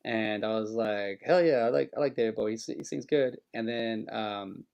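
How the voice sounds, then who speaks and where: Casual podcast co-host, male, gravelly rambling storyteller who slips into goofy accents. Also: fairly low pitch, fairly even intonation, normal speed, darkish tone, highs cut off. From United States. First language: Spanish, grew up bilingual. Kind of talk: casual chat.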